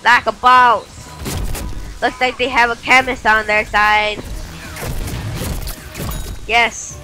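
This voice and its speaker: Brief: young female gamer, bright sharp tone, slow drawn-out lines broken by yelps. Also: a little high, level tone. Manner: yelps and shouts at the game. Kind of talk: excited gameplay commentary. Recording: faint game music behind.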